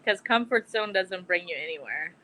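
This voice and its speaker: A woman's voice: lowish voice, animated, moderate pace, sharp tone, a little hiss or hum, poor audio. A woman guest speaking on a video call with a shaky connection. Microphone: video call with bad connection.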